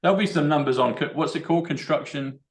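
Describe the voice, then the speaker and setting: An English man hosting a casual chat, excitable and rambling as he works through number codes aloud. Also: on the high side, fast, roomy sound. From England. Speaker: show host.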